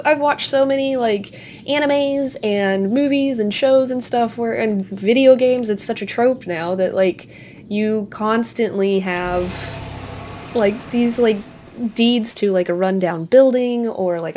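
Giggly, excitable young-sounding woman gamer. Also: a little high. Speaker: gaming video host. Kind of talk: casual let's-play commentary.

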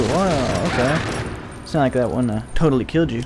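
A young man commentating his own gameplay, excitable, joking and swearing as he plays. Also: mid-range voice, a little fast, background noise. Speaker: let's play gamer. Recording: game music behind the voice. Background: game music.

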